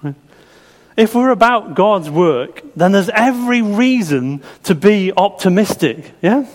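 Preacher in a reverberant hall. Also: male voice, high voice, animated, a little slow. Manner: conversational, asks the congregation questions. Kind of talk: sermon.

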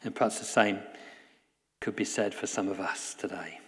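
A man preaching a sermon in a church, earnest, often dropping to a soft hush. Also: on the low side, steady tone, normal speed, long reverb tail. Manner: earnest, drops to a soft hush at key lines. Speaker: guest preacher.

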